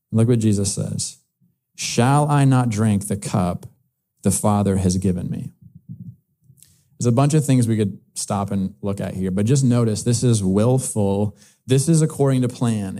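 Guy preaching a sermon, mellow darker voice, chatty and casual, lots of "like"s. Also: medium pitch. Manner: conversational, uses many filler likes.

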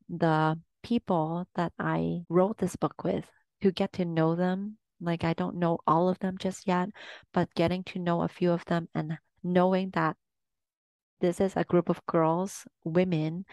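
A woman talks through personal lessons as a podcast host, candid and earnest, often pausing on fillers and restarting her sentences. Her voice sits a little low, and the recording is dry and close with no room echo. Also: flat delivery, darkish tone. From Asian. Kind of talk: personal reflective monologue.

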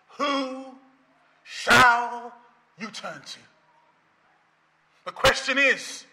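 A man preaching a sermon, impassioned and emphatic, breaking into loud bursts. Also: very high voice, low-quality recording.

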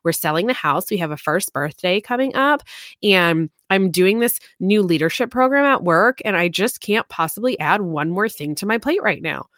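A woman's voice: on the low side, animated, moderate pace, fairly bright tone, no room sound, clean studio sound. A woman putting on a whiny valley-girl inner critic. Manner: whiny, excuse-making.

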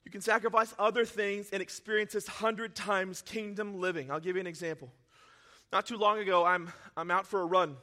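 Pastor guy preaching, emotional, goes quiet then loud, kind of a high voice. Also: steady tone, brisk. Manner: emotional, swings from quiet to shouting; self-deprecating, laughs at himself. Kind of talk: sermon.

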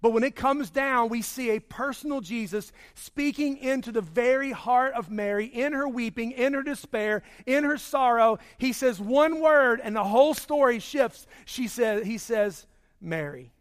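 A man preaching a sermon, swinging between loud emphasis and hushed, slow passages. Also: high-pitched. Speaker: pastor.

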